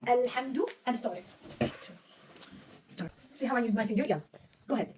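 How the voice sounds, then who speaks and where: Fast-talking woman teacher quizzing a pupil. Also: fairly high pitch, animated, a little mellow, far from the mic, a little hiss or hum. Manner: patient, quizzing and praising a young pupil. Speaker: Arabic reading teacher. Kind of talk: one-on-one reading lesson.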